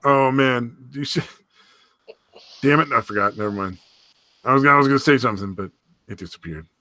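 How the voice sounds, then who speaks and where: A man's voice: medium pitch, moderate pace, sharp tone, no room sound. A man co-hosting a casual podcast, talking in a profane, rambling way and often losing his train of thought. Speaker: podcast co-host.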